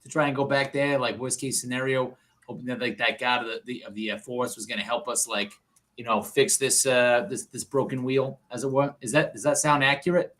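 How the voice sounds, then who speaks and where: A man in a tabletop game session who goes over the group's plan at length and jokes along the way. His pitch sits in the middle, and his talk is loose and chatty. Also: steady tone, brisk, a bit bright. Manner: rambling, joking. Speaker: player. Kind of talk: casual tabletop game chat.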